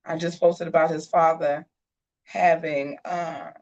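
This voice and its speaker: A woman hosting a casual live show. She tells a story in a sassy, animated way and keeps calling her viewers y'all. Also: low voice, takes it slowly, highs cut off. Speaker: host of a live gossip and commentary show.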